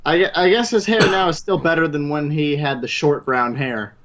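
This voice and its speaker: A man's voice: fairly high pitch, normal speed, muffled recording, background noise. A man co-hosting a podcast in a laid-back, dry-humoured chat, losing his voice from a dry throat. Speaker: podcast co-host. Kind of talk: casual chat.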